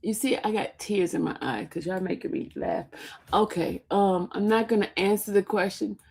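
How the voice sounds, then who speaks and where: A woman's voice: mid-range voice, moderate pace, gravelly, a little mellow, slightly rough. A woman hosting a casual livestream, laughing often and teasing her chat, sometimes dropping to a whisper. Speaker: livestream host reading chat.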